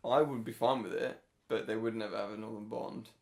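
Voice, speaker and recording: A man's voice: on the low side, steady tone, brisk. A man co-hosting a film podcast in casual chat, rambling and hesitant, often trailing off. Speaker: podcast co-host.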